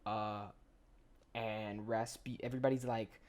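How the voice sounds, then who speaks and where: A man's voice: mid-range voice, moderate pace. Rambling young man telling a story. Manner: rambling, slangy, full of "like" and restarts. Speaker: gaming commentator. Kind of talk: casual storytelling over gameplay.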